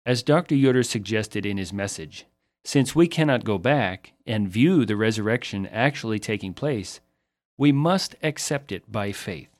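A man giving closing remarks after a sermon, speaking sincerely and appealing personally to the listener. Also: fairly low pitch. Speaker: radio announcer.

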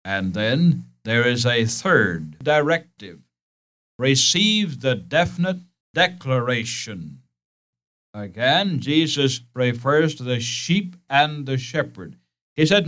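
A man's voice: mid-range voice, expressive, slow pace, fairly bright tone. A man preaching a sermon in an earnest, emphatic way, repeating key phrases and speaking directly to his listeners.

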